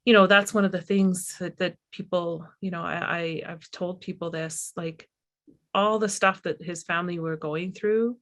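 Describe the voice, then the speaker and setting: A middle-aged woman talks about her work in a slightly low voice. She is candid and halting, restarting her sentences often as she reflects. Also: steady tone, fairly bright tone. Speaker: filmmaker guest. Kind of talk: reflective conversation.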